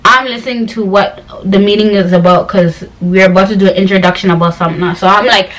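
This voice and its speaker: A woman's voice: medium pitch, fairly even intonation, quick pace, a bit bright, rough recording. Exasperated young woman ranting casually. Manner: exasperated, slangy, rambling retelling. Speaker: vlogger. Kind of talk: casual storytime rant.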